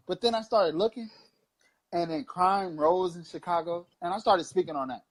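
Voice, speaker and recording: High-voiced man preaching with profanity. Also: brisk, a bit bright. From Long Beach, California. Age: 30s. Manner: impassioned, profane, rambling preaching. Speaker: co-host. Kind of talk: casual political chat show.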